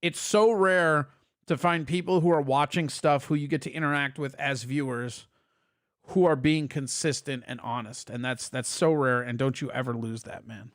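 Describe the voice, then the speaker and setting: A man's voice: medium pitch, fairly even intonation, moderate pace. A man hosting a casual live stream, talking loosely and swearing as he reads and answers chat messages.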